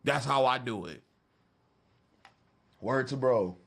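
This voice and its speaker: A man's voice: medium pitch, slow, gravelly, fairly bright tone. Man, casual livestream chat, joking, talks straight to his chat. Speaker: beatmaker streaming from his studio.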